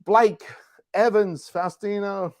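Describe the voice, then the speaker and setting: A man's voice: high-pitched, fairly even intonation, takes it slowly, darkish tone, no room sound. A man co-hosting a live online talk show, joking in an easygoing way. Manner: jokey, easygoing. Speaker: co-host. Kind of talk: casual live-stream chat.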